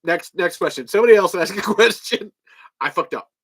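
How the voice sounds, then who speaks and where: A man hosting a fan podcast, telling stories in a lively, casual way, acting out conversations, laughing and swearing often. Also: high-pitched, brisk, a little hiss or hum. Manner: animated storytelling, acts out quoted exchanges, laughs often, swears casually. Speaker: podcast host. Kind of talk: casual livestream chat.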